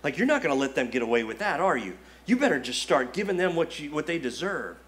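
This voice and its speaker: Male pastor voicing the devil as a low, hushed, coaxing tempter, sly and quiet. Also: sing-song, quick pace.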